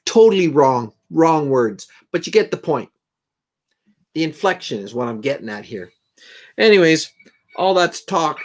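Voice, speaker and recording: A man's voice: a little high, animated, unhurried, long pauses. A middle-aged man hosting a live stream, chatting casually and rambling to viewers in a folksy way between songs. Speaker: live stream host and guitar player.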